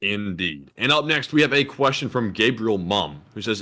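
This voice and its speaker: A man co-hosting a casual live stream, reading out viewer questions in a relaxed, wry way. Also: lowish voice, moderate pace, few pauses.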